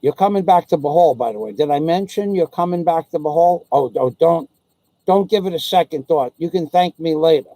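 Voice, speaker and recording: A man's voice: on the high side, expressive, fairly quick, warm tone, no echo, rough recording. A man hosting his own video channel, ranting in a crude, rambling way full of swearing. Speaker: YouTube vlogger. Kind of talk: profane comedic rant.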